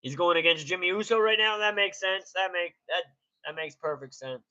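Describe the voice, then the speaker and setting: A man's voice: high voice, brisk, bright, forceful tone. A man hosting a casual live reaction stream, laid-back and greeting his chatters by name. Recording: dull lo-fi stream audio.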